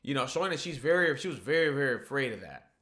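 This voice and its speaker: A man rattles through a casual manga chapter review, his voice bright and forward. He swears freely and keeps circling back with "like" and "you know" as he walks through the action. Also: mid-range voice, fast talker. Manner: excited, profane, full of "like" and "you know". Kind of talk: casual spoken chapter recap.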